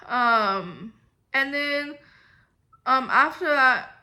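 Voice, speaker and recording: A woman's voice: sits high, expressive, very slow, pushed and bright. A young woman telling a storytime vlog in a rambling, exasperated way, full of filler "like"s. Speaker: vlogger. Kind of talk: casual storytime monologue.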